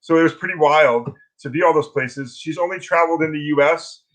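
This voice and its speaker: A man's voice: a little high, brisk, rough recording. Chatty man on a video call. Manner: animated storytelling with restarts. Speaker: guest, philosophy teacher. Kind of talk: casual interview talk.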